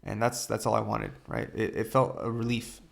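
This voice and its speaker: A young man hosting a podcast, retelling a painful family story in a halting way, full of fillers and quoted dialogue. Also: fairly low pitch, little pitch movement, vocal fry. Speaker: podcast host. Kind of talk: personal storytelling.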